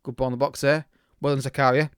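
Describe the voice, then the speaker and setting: A man's voice: medium pitch, little pitch movement, quick pace, clear, resonant tone, no room sound, clean studio sound. A man casually commentating his own football management game, reacting live and often restarting his sentences. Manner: chatty, reacts live to the match, many restarts. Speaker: gaming YouTuber.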